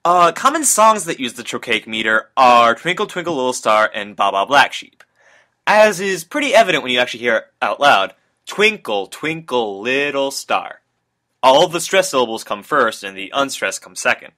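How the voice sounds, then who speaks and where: A man's voice: medium pitch, very animated, brisk, bright, forceful tone. A young man, a student, reading a prepared class presentation that explains a topic. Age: young adult. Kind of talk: read school presentation.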